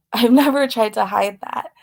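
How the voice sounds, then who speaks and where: A chatty woman hosting a live stream, a little out of breath. Her voice sits somewhat high. She talks loosely, greeting viewers by name and laughing between phrases. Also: measured pace, vocal fry, darkish tone. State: slightly out of breath. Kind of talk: casual live-stream chat.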